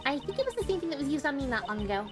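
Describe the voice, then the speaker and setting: A man's voice: extremely high pitch, sing-song, rapid-fire, voice pushed up. Man doing a chirpy young girl sidekick. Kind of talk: reading game dialogue aloud. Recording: game music behind.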